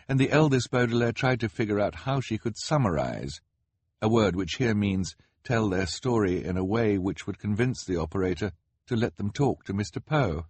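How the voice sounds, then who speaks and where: A man reads a story aloud with a low, somewhat husky voice and a lively, swinging pitch. His delivery is measured and expressive. The recording is dry, close studio sound. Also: no room sound. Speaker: narrator. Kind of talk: scripted audiobook narration.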